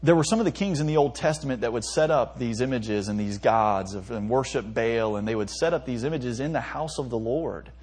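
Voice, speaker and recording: A man's voice: mid-range voice, brisk, hardly any pauses, darkish tone, breathy edge. A young man, a pastor, preaching a conversational sermon with frequent restarts and light laughs. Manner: conversational preaching with stumbles and self-amused laughs.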